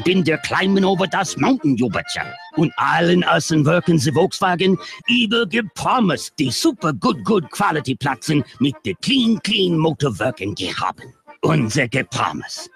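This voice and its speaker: Bumbling mock German exec, a radio host doing the voice, raspy, bouncy pitch, music bed. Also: male voice, big pitch swings, normal speed, fairly bright tone, full character voice. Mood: mock solemn. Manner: mock German gibberish mixed with English, silly. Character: mock German car company chief, bumbling apology.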